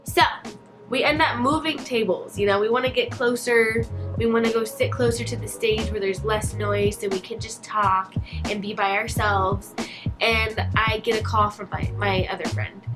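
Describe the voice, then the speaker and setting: A woman telling a storytime vlog in a chatty, animated, profane way. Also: medium pitch, normal speed, music in the background. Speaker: vlogger. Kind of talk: casual storytime.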